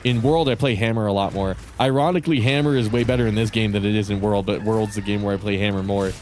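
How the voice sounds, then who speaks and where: A young man rambling casually as he streams a game, profane and relaxed, restarting his sentences. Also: lowish voice, fast, slight background noise. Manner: rambling, profane, laid-back. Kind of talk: casual gaming commentary.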